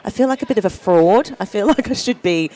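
A woman comedian from Australia, with an accent that drifts toward American, chatting as a guest with self-mocking deadpan asides. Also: mid-range voice, quick pace. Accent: Australian with a mixed American sound. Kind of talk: casual comic interview chat. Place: busy event floor.

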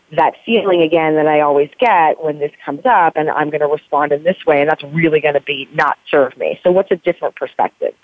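A woman's voice: low voice, no echo. Earnest woman author on a phone line. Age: 40s. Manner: earnest, rambling, many "you know" fillers. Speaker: author guest. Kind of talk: candid podcast interview talk. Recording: dry phone-line sound.

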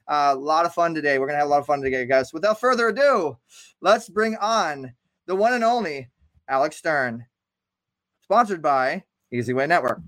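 A man's voice: fairly high pitch, normal speed, fairly bright tone, no echo. A man hosting a live online interview show, upbeat and chatty, often repeating words as he talks. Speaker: show host.

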